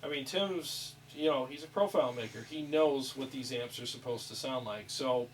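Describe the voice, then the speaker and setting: A man hosting a casual chat about guitar amp settings in a small studio room, upbeat and quick to laugh. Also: mid-range voice, recorded from a distance, slight background noise, poor audio. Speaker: host.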